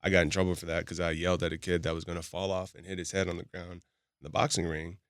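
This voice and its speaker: A man's voice: low-pitched, little pitch movement, fast, no room sound, clean studio sound. A middle-aged man chatting casually as a podcast guest, blunt and emphatic. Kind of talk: casual chat.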